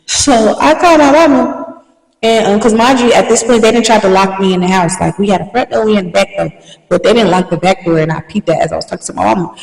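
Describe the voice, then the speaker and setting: A young woman tells a story with animated, slangy energy, like a podcast host catching up with her listeners. Her voice comes from a little way off the mic. It rings around a roomy space with a long tail of reverb. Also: mid-range voice, fast, creaky. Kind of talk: casual storytelling. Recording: echoey room, mic at a distance.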